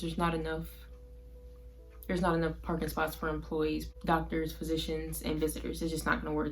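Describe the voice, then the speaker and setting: A woman speaks in a low, flat voice with little rise and fall, telling a painful personal story to her camera. Her delivery is soft and halting, filled with "like". Quiet guitar music plays faintly underneath. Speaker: vlogger.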